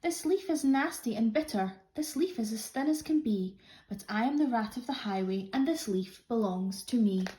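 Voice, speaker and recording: A woman's voice: a little high, lively intonation, moderate pace, mellow, lightly acted. A woman playing a greedy blustering rat bandit. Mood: greedy boasting. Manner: blustering, demanding sing-song chant. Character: greedy boastful male rat highwayman.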